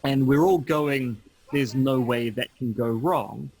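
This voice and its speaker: A man's voice: medium pitch, slow, a little mellow, low-quality recording. A man co-hosting a podcast, chatting casually and making dry, wry quips. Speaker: podcast co-host. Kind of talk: casual chat.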